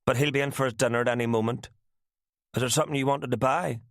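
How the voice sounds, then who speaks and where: A man voicing an adoring young woman who speaks in an eager, breathy way, read as an audiobook. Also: medium pitch, fairly even intonation, quick pace, dry recording, clean studio sound, voice pushed up, close to an everyday voice.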